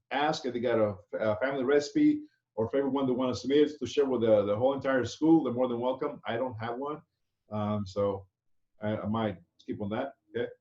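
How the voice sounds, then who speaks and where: A man's voice: medium pitch, a little mellow. A man, a chef instructor teaching an online class in a loose, chatty way, often checking in with "okay?". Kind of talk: casual online class lecture. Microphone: video call. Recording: echoey, dull video-call audio.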